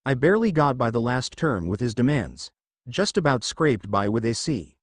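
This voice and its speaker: A man reading the lines of a sarcastic, playful teenage girl who plays bass, in a fan fiction story. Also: sing-song, normal speed, dry recording. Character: teasing young female student bassist.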